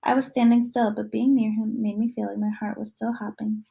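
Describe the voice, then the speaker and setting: A woman reads a children's picture book aloud in a gentle, expressive way. Her voice is mellow and somewhat high, with a gravelly, husky texture. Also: fairly quick, rough recording. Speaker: reader.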